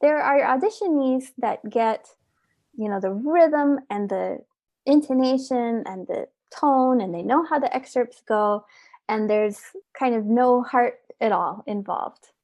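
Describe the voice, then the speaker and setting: A woman with a fairly high voice speaks in a casual interview, earnest and heartfelt. She often repeats a word as she thinks. The recording is close and dry, with no room sound. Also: unhurried, darkish tone, no room sound. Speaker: orchestra oboist, interview guest.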